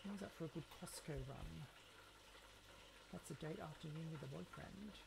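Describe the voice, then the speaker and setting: A woman's voice: low-pitched, normal speed, gravelly, background noise. A woman hosting a casual live cooking stream from her kitchen, camp and cheeky, chatting and reading viewer comments aloud. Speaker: cooking livestream host.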